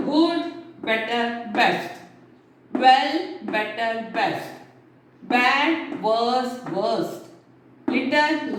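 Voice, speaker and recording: A woman teaching grammar to a class, speaking slowly and spelling out words letter by letter. Her voice sits a little high. She is heard from far off in a very echoey room. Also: a little hiss or hum. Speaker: English teacher.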